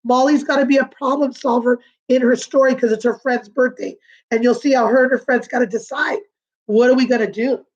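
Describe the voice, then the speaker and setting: A woman teaching a remote lesson to young children, patient and sing-song, repeating words slowly. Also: high voice, fairly even intonation, highs cut off. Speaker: kindergarten teacher.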